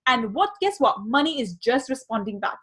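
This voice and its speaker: A woman's voice: on the high side, sing-song, normal speed, fairly bright tone, breathy edge. A woman money mindset coach teaching a workshop, repeating key phrases with energy.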